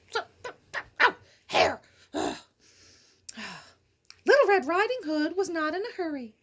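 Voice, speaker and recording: A woman's voice: very high voice, a bit bright. A woman hosting a casual storybook read-aloud, breaking off into chatty, silly asides and giggles. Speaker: storyteller host.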